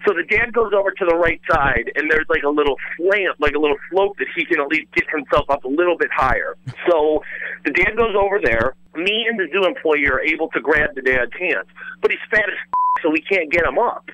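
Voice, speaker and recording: A man telling a wild story in animated casual chat, rambling with lots of fillers and swearing freely. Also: fairly high pitch, brisk, highs cut off. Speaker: former radio host telling a story as a guest.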